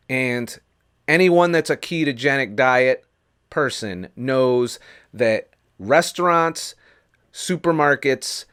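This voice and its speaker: A man's voice: mid-range voice, a bit bright, clear, resonant tone. A man ranting on his vlog, swearing heavily, heated and sarcastic, talking into a camera mic. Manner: profane, heated ranting with mocking mimicry. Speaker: vlogger.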